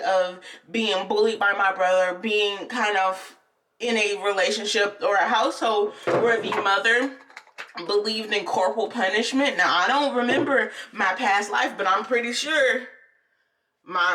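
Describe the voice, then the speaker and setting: A young woman vlogger telling a personal story in casual, candid chat, animated and often laughing. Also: mid-range voice, recorded from a distance.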